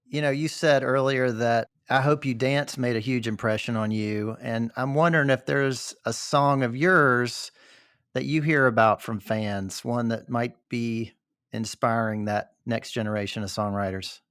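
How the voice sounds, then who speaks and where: A man hosting an interview podcast, asking questions in a calm, measured way. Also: medium pitch, clean tone, dry recording, clean studio sound. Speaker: podcast host.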